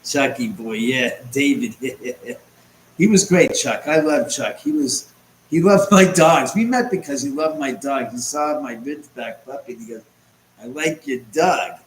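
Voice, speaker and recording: A man hosting a live stream from his home, chatting and rambling as he answers viewers' comments out loud. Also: mid-range voice, unhurried. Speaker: host. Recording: roomy echo, faint background noise.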